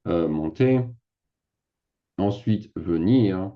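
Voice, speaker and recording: Talking very slowly in a low voice with lively intonation, a man teaches French in a relaxed screen-share session. He thinks out loud as he types, chatting and poking fun at himself. The audio lacks high frequencies.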